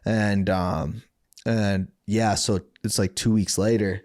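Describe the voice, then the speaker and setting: A man's voice: fairly low pitch, slow pace. A man on a podcast, telling a story from his past in a loose, rambling way and acting out the people he quotes. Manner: animated, acts out quoted people in raised voices, laughs often; loose, rambling phrasing with many fillers and restarts. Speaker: podcast guest, former fighter. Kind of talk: casual storytelling.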